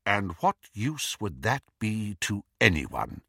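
A man reading an old wizard headmaster in an audiobook, speaking in a measured, cool and deliberate way. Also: lowish voice, big pitch swings, bright, forceful tone, slightly rough, dry recording, studio quality, full character voice. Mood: stern. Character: old wizard headmaster, calm, cold, probing.

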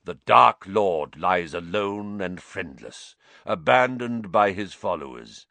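Guy putting on an entranced seer, harsh and loud, slow, dragged-out words, dry sound. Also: low-pitched, expressive, vocal fry, no room sound, full character voice. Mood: ominous, trancelike. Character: entranced female seer in a harsh prophetic trance.

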